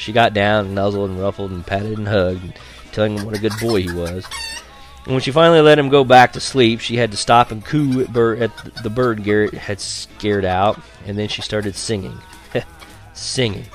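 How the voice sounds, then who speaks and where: A young man narrates a first-person story with a wry, lively delivery and a fairly low voice. Faint music plays under his reading. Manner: lively storytelling, voicing characters with quieter, higher dialogue. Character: boy narrator recalling spying on a neighbor. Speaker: audiobook narrator.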